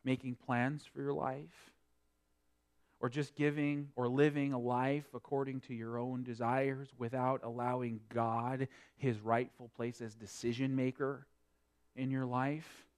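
A man preaching a sermon, swinging between quiet explanation and loud emphatic preaching. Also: medium pitch, level tone, unhurried, smooth. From North Dakota. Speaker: pastor.

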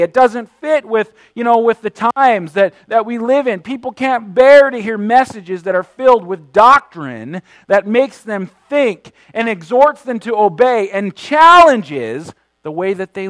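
A man with a notably high voice delivers a sermon from a dry, close recording. He preaches emphatically, slowing and growing louder on the words he wants to stress, and often repeats a word before finishing a phrase. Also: expressive, no echo, rough recording. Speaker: pastor.

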